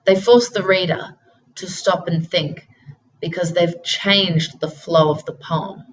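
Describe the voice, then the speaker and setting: A woman narrating a poetry lesson as a teacher, in a deliberate, instructional way. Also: on the low side, fairly even intonation, a little hiss or hum, rough recording. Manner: slow, deliberate instructional delivery.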